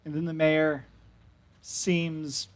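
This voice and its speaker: A man's voice: fairly high pitch, level tone, extremely slow. Man narrating as game master. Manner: descriptive, matter-of-fact narration.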